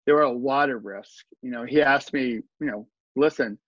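As a podcast guest, a man earnestly tells his story in a conversational way, full of asides and restarts. His mid-range voice moves at a moderate pace, with no echo and the high frequencies cut off.

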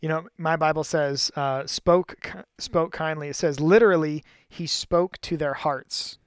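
A man's voice: fairly high pitch, steady tone, a little slow, clear, resonant tone, dry recording, studio quality. A man co-hosting a casual Bible study, explaining passages thoughtfully at length.

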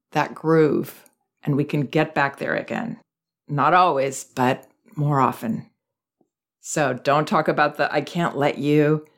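A woman hosting a parenting advice podcast, talking calmly and gently, thinking aloud with small restarts. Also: sits low. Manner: calm, gentle, reflective with many restarts.

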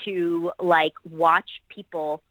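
Bright-toned, gushing actress on a podcast. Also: female voice, on the low side, level tone, very slow, no room sound, low-quality recording. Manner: enthusiastic, rambling, gushing about colleagues. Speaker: actress and producer guest. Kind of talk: podcast interview talk.

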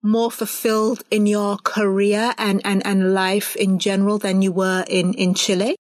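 Woman podcast host, middle pitch, dry close sound, recaps and asks questions. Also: little pitch movement, measured pace, no room sound. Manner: affirming, sums up the guest's story. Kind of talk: casual interview.

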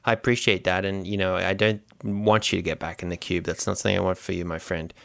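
A man with a fairly low but bright, forward voice plays along in improvised comedy banter on a podcast. He sounds quick and scheming and keeps a straight face through absurd jokes. The recording is dry and close. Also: steady tone, gravelly, no room sound. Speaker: podcast co-host.

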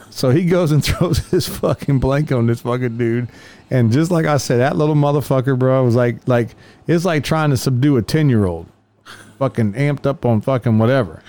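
A man's voice: mid-range voice, moderate pace, warm tone. A man, a police officer, casually telling a rambling, profane story and raising his voice to act out the people he quotes.

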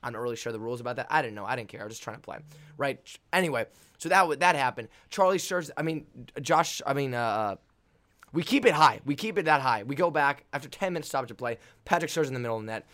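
A young man hosting a podcast, telling a story in an animated, excitable way with many restarts. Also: mid-range voice, fast talker. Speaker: volleyball player and podcast host. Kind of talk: casual storytelling.

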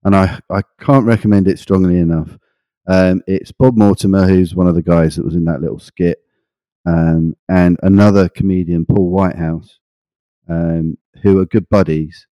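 Podcast guy, low mellow voice, rambly, dry close mic. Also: steady tone, normal speed, smooth, no room sound. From England. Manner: rambling, enthusiastic, many fillers. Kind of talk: casual chat.

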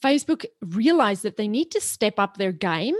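A chatty woman from South Africa whose accent blends South African, British and Australian sounds. She talks as a podcast guest in an animated, playful way, and the sound is close and dry. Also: medium pitch, normal speed, dry recording. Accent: mixed South African, British and Australian. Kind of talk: podcast interview.

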